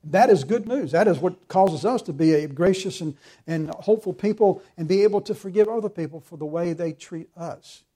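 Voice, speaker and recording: A man preaching with earnest, emphatic conviction, quoting scripture as he goes. His voice sits a little high but sounds dark and mellow. He presses his points with steady fervor. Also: normal speed. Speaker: pastor. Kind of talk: sermon.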